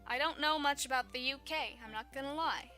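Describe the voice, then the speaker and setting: A woman's voice: sits high, a little fast, sharp tone, soft background music. A woman in her twenties from Texas with a Southern accent, chatting casually to her viewers, rambling and laughing often. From Texas, USA. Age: 20s. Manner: giggly, rambling, self-deprecating. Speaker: YouTuber. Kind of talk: casual vlog talk.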